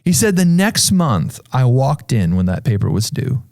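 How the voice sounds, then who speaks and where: A pastor with a creaky voice, speaking a little slowly, discusses faith in a relaxed church podcast conversation. He tells a story animatedly, voicing its people with abrupt pitch leaps, in studio quality free of room sound.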